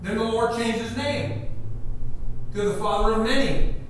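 A man preaching a sermon with animated storytelling, acting out the dialogue himself, heard from afar in an echoey church hall. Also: very high voice, measured pace, recorded from a distance. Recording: echoey room from afar with faint noise.

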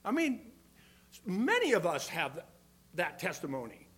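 An older man preaching a sermon, earnest, swinging between loud emphasis and quiet asides. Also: high-pitched, huge pitch swings, unhurried, slightly rough. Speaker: pastor.

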